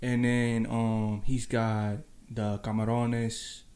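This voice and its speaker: A man's voice: on the low side, level tone, slow pace, a little mellow. A man from the Bronx, a rapper guest on a podcast, laid-back and profane, laughing often. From the Bronx, New York. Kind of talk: casual chat.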